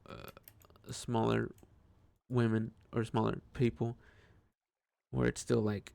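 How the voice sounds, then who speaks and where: A man's voice: medium pitch, little pitch movement, slow pace, vocal fry, warm tone, no room sound. A man talking through a casual personal monologue, hesitant and rambling, with frequent restarts and swearing. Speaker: vlogger.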